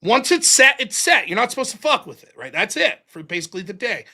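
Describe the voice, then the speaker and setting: A man hosting a live stream, spinning casual stories full of swearing. His voice is bright and forward, and his pitch swings widely as he acts out old arguments. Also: a little fast, slightly rough. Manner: profane, animated, yelling in retold quotes. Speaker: livestream host. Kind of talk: casual storytelling.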